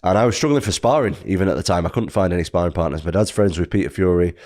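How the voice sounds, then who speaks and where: A man's voice: sits low, racing, darkish tone. A man in his thirties with an English accent, a guest telling his story in a casual, rambling way with lots of fillers. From United Kingdom. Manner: rambling, filler-heavy, self-correcting. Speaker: guest fighter.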